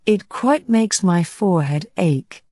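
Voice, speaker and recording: A woman's voice: on the low side, animated, slow, dark tone, dry recording, clean studio sound. A woman reading a fussy, anxious storybook king. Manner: grave, hesitant.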